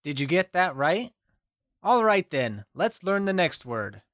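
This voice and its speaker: A man narrating a scripted language lesson, slow and encouraging, with deliberate explanations. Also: high voice, sing-song, no room sound, dull audio. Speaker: language teacher.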